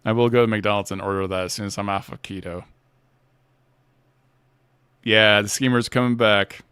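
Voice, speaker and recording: A man's voice: fairly low pitch, fairly even intonation, normal speed, pushed and bright, clear, resonant tone, no room sound. A man hosting a casual livestream chat who talks playfully and laughs often. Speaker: host.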